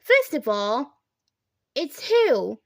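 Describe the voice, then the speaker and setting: A woman's voice: high-pitched, very animated, very slow, gravelly, no echo, clean studio sound, exaggerated voice. A woman reading a storybook aloud and voicing a know-it-all schoolgirl who corrects her brother in a matter-of-fact, lecturing way.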